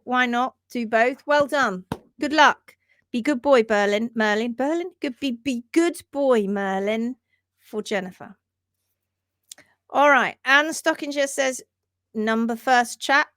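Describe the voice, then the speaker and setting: Brief: woman, livestream host, emphatic and indignant, somewhat high, dry close sound. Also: no echo. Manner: animated, emphatic, indignant rants. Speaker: hoof trimming educator, livestream host. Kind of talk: livestream chat reading comments.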